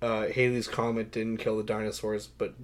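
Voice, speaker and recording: A man's voice: on the low side, normal speed. Young man ranting about films. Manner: mocking, gets loud and animated when ranting. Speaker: podcast co-host. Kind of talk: casual movie chat.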